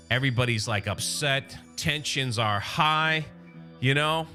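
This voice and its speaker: A man casually recapping a comic series as a video host, chatty and quick to paraphrase the characters. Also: medium pitch, bright, forceful tone, faint music behind. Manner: chatty, narrates plot with "he's like" quotes. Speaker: comic book reviewer.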